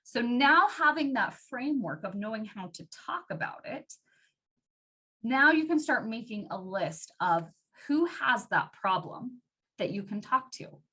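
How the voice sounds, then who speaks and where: A woman's voice: fairly high pitch, lively intonation, measured pace, bright, forceful tone, slightly rough. A woman giving a casual sales training talk, chatty and full of "like" fillers. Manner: chatty, uses many "like" fillers, acts out customer voices. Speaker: team trainer.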